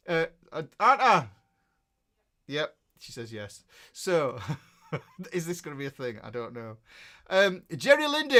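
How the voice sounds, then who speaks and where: A man's voice: on the high side, a bit bright. A middle-aged man with a Yorkshire accent, a guitar teacher chatting casually and rambling as he reads out live chat messages, full of fillers and restarts. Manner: chatty and rambling, with many fillers and self-interruptions.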